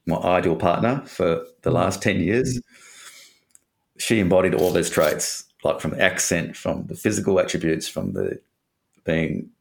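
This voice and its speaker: A man's voice: low-pitched, vocal fry. A man from Australia telling a candid personal story in an interview, rambling and swearing casually.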